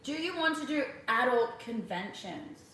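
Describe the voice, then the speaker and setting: A woman's voice: a little high, animated, a little slow, fairly bright tone, distant mic. A young Australian woman in her twenties, chatting casually on a livestream, reading out viewer questions and laughing often. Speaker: livestream host. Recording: echoey room, voice off-mic.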